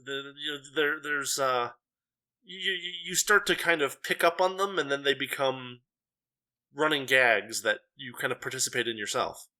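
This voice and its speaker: A man's voice: medium pitch, moderate pace, sharp tone. A man co-hosting a podcast in casual chat, who stammers over repeated words before landing a dry remark. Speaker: podcast co-host.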